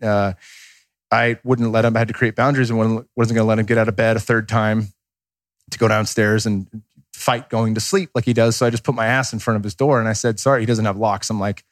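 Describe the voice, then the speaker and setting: A man's voice: on the low side, little pitch movement, fast talker, no echo, clean studio sound. A man in his thirties, a podcast guest talking casually and candidly, rambling and swearing freely as he acts out quotes. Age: 30s.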